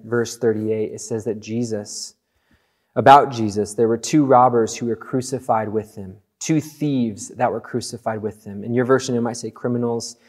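A man preaching a sermon in an earnest, conversational way, slowing down for emphatic phrases. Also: medium pitch, a little mellow. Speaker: pastor.

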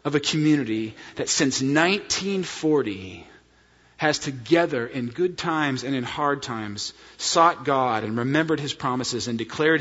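A man's voice: medium pitch, fairly bright tone. Earnest preaching pastor, man, long hall echo. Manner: earnest, storytelling preacher addressing congregation as friends. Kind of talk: sermon. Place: church sanctuary. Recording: dull sound in a reverberant church hall.

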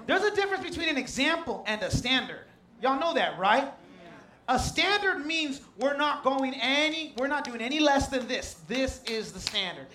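A man's voice: extremely high pitch, big pitch swings, normal speed, sharp tone, echoey room, slight background noise. A man in his thirties, a pastor preaching a sermon in a folksy, emotional way with repeated refrains. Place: large tent with a congregation.

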